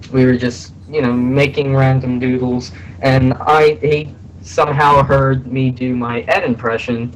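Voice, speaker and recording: A young man being interviewed about voice acting, talking in a halting way with many fillers, a little hoarse from being sick. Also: mid-range voice, a little hiss or hum, rough recording. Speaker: voice actor guest. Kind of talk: casual interview on a voice call. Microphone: voice call.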